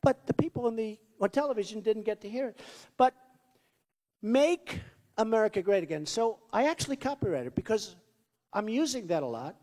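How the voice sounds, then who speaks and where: A man on stage at a campaign rally, talking off the cuff in a rambling, boastful way that keeps circling back on itself. His voice sits fairly high and swings up and down a lot. It rings out with the long reverb of a big hall. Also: lively intonation, fairly quick, darkish tone. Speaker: political candidate. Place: large rally venue.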